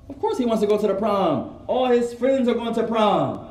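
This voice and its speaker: A man giving a religious lesson to a live gathering, animated, acting out quoted voices and dropping in Arabic phrases. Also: high voice, normal speed. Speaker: Islamic teacher. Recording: roomy echo.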